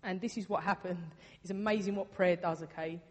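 A woman's voice: on the low side, steady tone, fairly quick. Earnest woman preaching in a hall. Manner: earnest, conversational, with emphatic repetition. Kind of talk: sermon. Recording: long reverb of a hall.

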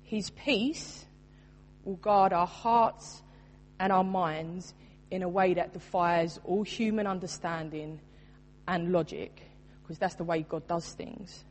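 A woman's voice: lowish voice, slow pace, slight background noise. A woman in her thirties preaching a sermon, earnest and emphatic, mixing scripture with her own story. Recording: long reverb in a large room.

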